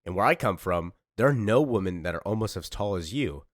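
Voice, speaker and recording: A man's voice: lowish voice, expressive, fairly quick, no echo, clean studio sound, close to an everyday voice. A man voicing an earnest, polite young male pilot.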